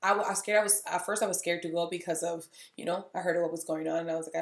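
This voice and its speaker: This beauty vlogger, a woman in her thirties, rushes through a casual vlog monologue very fast with hardly any pauses, candidly telling stories to camera and acting out both sides of the conversations. Her voice is fairly low with fairly even intonation, and the room is echoey.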